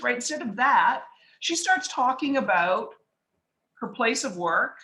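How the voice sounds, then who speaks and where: A woman's voice: a little high, animated, unhurried, pauses often, fairly bright tone, roomy sound, rough recording. A woman speaking as an author and investor guest, telling anecdotes in a casual, chatty way, acting out dialogue and using many filler words. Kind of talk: casual storytelling talk.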